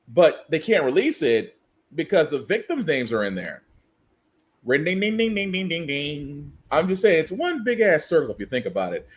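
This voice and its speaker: A male podcast host delivers casual political commentary in a sarcastic, ranting manner. His voice sits high and rises and falls with lively swings.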